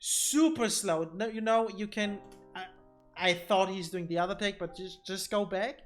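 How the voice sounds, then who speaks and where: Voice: mid-range voice, fairly even intonation, normal speed, a bit bright, faint music behind. A streamer giving casual gameplay commentary on a desk mic, thinking aloud and often repeating words while explaining boss fights.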